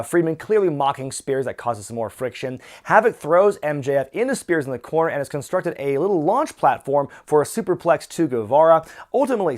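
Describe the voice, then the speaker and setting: Male reviewer, conversational and opinionated, middle-pitched everyday voice. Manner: opinionated, conversational, with frequent fillers. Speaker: wrestling reviewer. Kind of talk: casual review commentary.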